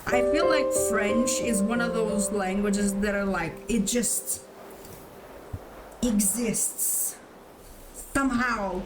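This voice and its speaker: A woman streaming a story game, chatting casually in animated, joking rants full of swearing. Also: mid-range voice, slow, long pauses, distant mic, poor audio. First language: Portuguese. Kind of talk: casual let's-play chat. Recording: voice a bit off-mic under loud game music.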